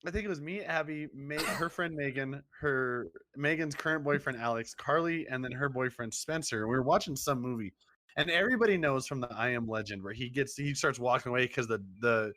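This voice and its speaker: A man's voice: medium pitch, a little fast, no room sound. A man co-hosting a podcast, talking casually and animatedly, swearing and acting out what people said. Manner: animated, swearing, acts out quotes. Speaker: podcast co-host. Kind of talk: casual chat.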